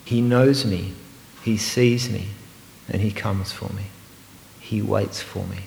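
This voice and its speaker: A man preaching a sermon, earnest and emphatic, sometimes slowing to a hushed, meditative repetition. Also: fairly low pitch, fairly even intonation, vocal fry, a little hiss or hum. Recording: roomy hall with long reverb.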